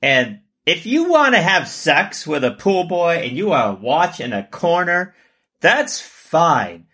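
Male podcast co-host, high and bright with a husky grain, playful and exaggerated. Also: takes it slowly. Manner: animated, laughing, jumps into high exaggerated pitch for jokes. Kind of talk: casual comedic chat.

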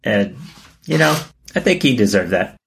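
Animated, bright-voiced man podcaster. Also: moderate pace, vocal fry, slight background noise. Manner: animated, laughing, jumps into high exaggerated pitch for jokes. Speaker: podcast co-host. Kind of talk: casual comedic chat.

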